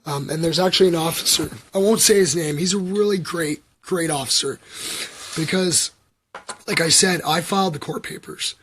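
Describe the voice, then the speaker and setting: A man's voice: on the high side, normal speed, fairly bright tone, slight background noise. A middle-aged man, rambling and confessional in a casual livestream chat, full of fillers and asides to his viewers. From Canada. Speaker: vlogger.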